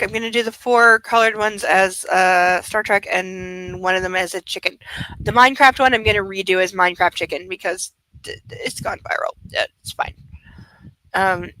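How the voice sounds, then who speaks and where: Bright, sarcastic woman streamer. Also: medium pitch, poor audio. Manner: sarcastic, profane and chatty. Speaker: streamer hosting a book club reading. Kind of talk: casual live-stream commentary.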